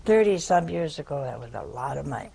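An older woman telling a personal story in a slow, wry, deliberate way. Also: sits low, sing-song, vocal fry, mellow, a little hiss or hum.

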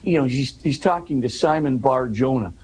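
A man's voice: medium pitch, moderate pace, a little mellow, rough recording. A man in an interview, earnestly explaining a scripture passage, often restarting and pushing his voice up for emphasis.

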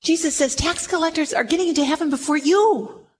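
A woman's voice: high-pitched, fairly quick. A middle-aged woman preaching a sermon to a gathered room, acting out the quoted lines with drama.

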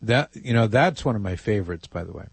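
A man's voice: lowish voice, animated, quick pace, gravelly, slightly rough, dry recording. A man hosting a radio talk show, chatting wryly and reading listener emails aloud.

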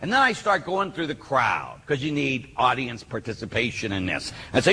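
A man, a Catholic priest, preaching a sermon and telling stories with lively acted-out voices. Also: fairly high pitch, brisk, hardly any pauses, breathy edge. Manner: animated storyteller who acts out voices. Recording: hall reverb, faint background noise.

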